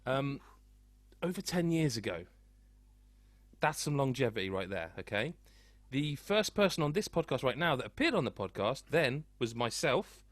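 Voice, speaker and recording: A man's voice: medium pitch, big pitch swings, normal speed, dry recording. A man hosting a casual video game podcast, chatty and self-deprecating, rambling with restarts. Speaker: podcast host. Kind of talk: casual chat.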